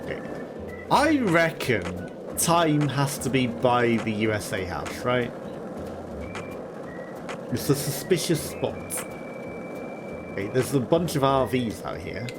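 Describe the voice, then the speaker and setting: Amused, slow-talking man commentating a game. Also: mid-range voice, sing-song. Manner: amused, chatty, laughs often. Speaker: let's play host. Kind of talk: gameplay commentary. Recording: voice over game music.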